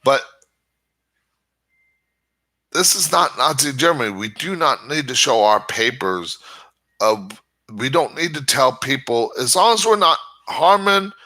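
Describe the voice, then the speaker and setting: A man's voice: mid-range voice, sing-song, moderate pace, bright, forceful tone. A man hosting his own channel, giving a rambling casual monologue and often stammering over restarts. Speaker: channel host.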